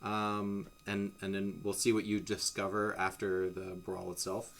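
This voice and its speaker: A man's voice: on the low side, completely flat delivery, measured pace, gravelly. A man narrating a tabletop game as game master in a casual, rambling way with many restarts. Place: home streaming setup.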